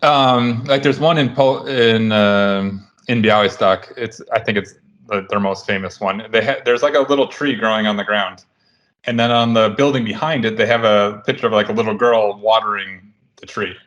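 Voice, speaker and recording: A man in his thirties hosting a casual podcast chat, relaxed and rambling with frequent restarts. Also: on the low side, normal speed, highs cut off. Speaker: podcast host.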